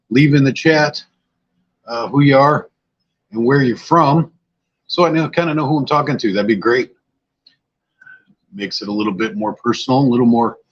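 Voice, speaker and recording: Tired older man, husky lo-fi livestream. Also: mid-range voice. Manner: rambling, scattered, chatty with viewers. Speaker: livestream host. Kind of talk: casual livestream chat. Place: outdoors-like spot at home.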